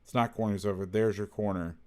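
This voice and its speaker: A man's voice: lowish voice, steady tone, fairly quick, warm tone, clear, resonant tone. A man who coaches football, talking casually through game film, blunt and salty, thinking aloud and correcting himself as he goes.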